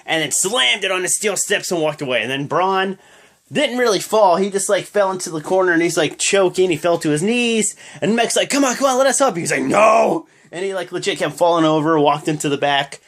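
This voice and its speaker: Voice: mid-range voice, expressive, brisk, a bit bright. A vlogger giving a loose, chatty recap of a wrestling show, full of fillers and restarts. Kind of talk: casual spoken recap.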